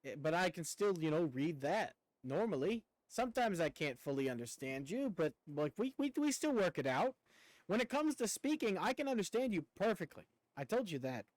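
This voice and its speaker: While gaming, a young streamer talks casually to his viewers in a slight rural Southern twang, rambling along and swearing occasionally. His voice sits high and sing-song at a normal speed, with no echo in a low-quality recording.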